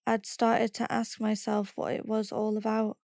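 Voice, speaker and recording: A woman reading a first-person memoir aloud in a steady, plain storytelling manner. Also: on the high side, measured pace, creaky, dry recording, studio quality. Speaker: podcast reader.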